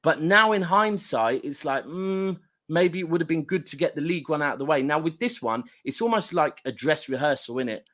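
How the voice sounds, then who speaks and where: A man's voice: on the high side, fairly quick. Chatty middle-aged man from Manchester. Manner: chatty, storytelling, lively anecdotes. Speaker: guest football fan. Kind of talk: casual football chat.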